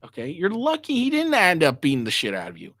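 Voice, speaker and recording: A man rants through a reaction commentary, angry and full of profanity. His pitch jumps all over the place as he fires off his points. The sound is dry and close to the mic. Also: huge pitch swings, quick pace, fairly bright tone, dry recording. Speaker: commentary host.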